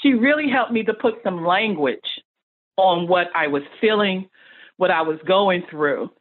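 A middle-aged woman talks in an earnest, motivational way, stacking up emphatic lists. Her voice sits fairly low. The sound is thin and tinny, like a phone call. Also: a little slow. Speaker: guest, speech-language pathologist. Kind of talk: podcast interview.

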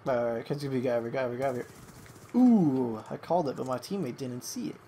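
An excitable young gamer does live gameplay commentary, talking fairly quickly over a little hiss or hum. He swears at opponents and switches to a higher voice to coax a pet.

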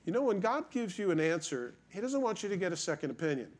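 Man preaching, higher voice, vivid storyteller, talks to his flock. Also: fast talker. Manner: storytelling, animated, addresses congregation. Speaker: pastor. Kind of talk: sermon.

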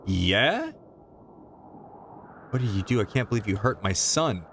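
A man voicing an angry mother in a game, scolding in a lowered, grave voice. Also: sing-song, measured pace, a bit bright, slight background noise. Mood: reproachful. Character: stern angry mother of a hurt boy.

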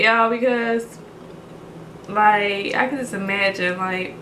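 A woman's voice: mid-range voice, slow pace, reverberant, background noise. A woman in her thirties talking casually in a reaction vlog, emotional and rambling, choked up and holding back tears. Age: 30s. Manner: emotional, rambling, with many fillers. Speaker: reaction vlogger.

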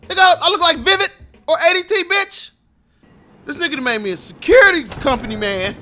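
A young man doing gameplay commentary, loud and full of cursing, with sudden shouts at the screen. His voice is high and bright. His pitch jumps around a lot as he reacts. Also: lively intonation, fairly quick, faint music behind. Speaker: gaming commentator.

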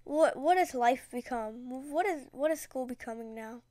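High, dry-voiced chatty gamer woman. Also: moderate pace, a little mellow, dry recording. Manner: chatty, dramatic, slangy, rambling. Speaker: gaming video creator. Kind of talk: casual gameplay commentary.

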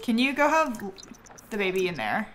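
A woman hosting a gameplay livestream, chatting to viewers, giggly and easily excited, thanking them for subscriptions. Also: medium pitch, moderate pace, noisy background. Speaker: livestream host.

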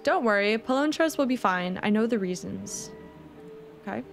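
A woman's voice: mid-range voice, expressive, normal speed, creaky, faint music behind. A woman reading an evasive old king. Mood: calm. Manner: reading dialogue aloud plainly. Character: wise but evasive male king.

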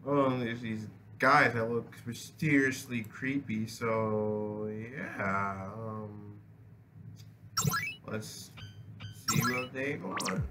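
A man's voice: mid-range voice, drawn-out words, noisy background. A young man giving casual, profane gameplay commentary, rambling and restarting his sentences. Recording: game music playing behind voice.

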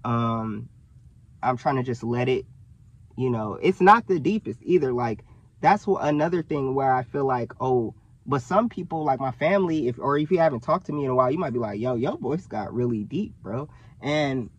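A young man, talking casually to camera in an animated way, full of fillers and self-corrections. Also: medium pitch, normal speed, no room sound, dull audio. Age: young adult. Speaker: vlogger. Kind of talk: casual direct-to-camera talk.

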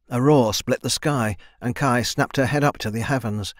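A man's voice: medium pitch, moderate pace, hardly any pauses, no echo. Man narrating a fantasy audiobook, dry.

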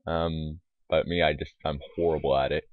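A man's voice: extremely low pitch, level tone, normal speed, no echo. A man giving casual, rambling let's-play commentary, mumbling asides with lots of fillers, on a tinny, lo-fi mic. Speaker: gaming YouTuber. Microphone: desktop microphone.

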